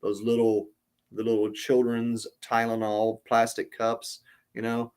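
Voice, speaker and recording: A man hosting a podcast, telling a casual story in a rambling way with many pauses and restarts. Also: medium pitch, monotone, darkish tone, clean tone. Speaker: podcast host.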